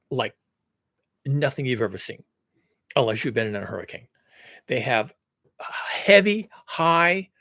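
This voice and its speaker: A man's voice: mid-range voice, a bit bright, husky, no room sound. A man hosting a live-streamed solo talk, explaining earnestly in long lists and restarts at a computer mic. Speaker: climate commentary host.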